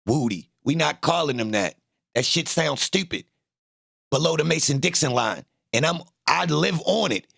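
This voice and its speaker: A man's voice: on the high side, expressive, normal speed, gravelly, fairly bright tone, no echo, clean studio sound. A young man from Baltimore with a Baltimore accent, talking casually to his livestream chat, boasting and trash-talking. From Baltimore, Maryland. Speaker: livestream host.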